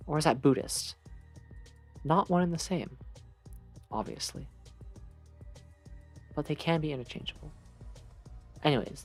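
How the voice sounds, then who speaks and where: Low-voiced chatty woman streamer. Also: breathy edge. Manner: rambling, chatty, self-mocking. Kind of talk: casual gaming commentary.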